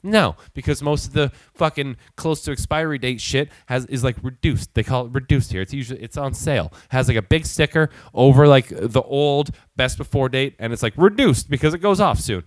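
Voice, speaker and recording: A man's voice: mid-range voice, animated, a little fast, few pauses, no echo. Swearing man ranting a comic story. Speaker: show host. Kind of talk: profane comic rant.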